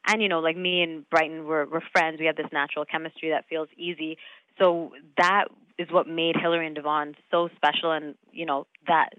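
A young adult actress talking casually in an interview, chatty, laughing often and full of fillers and restarts. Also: female voice, low voice, flat delivery, brisk, no room sound, narrow, tinny audio. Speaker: actress guest.

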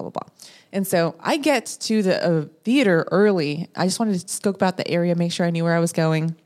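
Animated woman telling a story. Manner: animated, acts out her own quotes with rising pitch. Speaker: podcast guest, producer. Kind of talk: casual storytelling.

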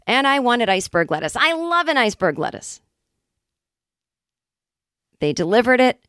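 A woman in her forties hosting a comedy podcast, telling a casual monologue in a chatty, wry way with quick acted-out asides. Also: a little high, sing-song, a bit bright, clear, resonant tone, dry recording, clean studio sound. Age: 40s. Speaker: podcast host.

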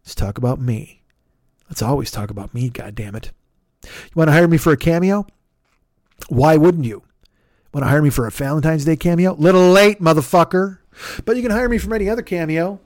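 A man with a hoarse throat, hosting a podcast and riffing loosely through plugs for other shows with plenty of swearing. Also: a little high, lively intonation, brisk, long pauses, darkish tone, no room sound, clean studio sound. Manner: loose, profane, jokey, riffing. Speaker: podcast host. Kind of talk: casual podcast plugs and chat.

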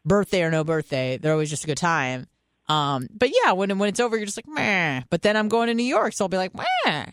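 A woman's voice: fairly low pitch, expressive, quick pace, clear, resonant tone, dry recording. Young woman radio host, casual storyteller, frank and crude, dry studio sound. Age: 20s. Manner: candid, profane, laughing storyteller.

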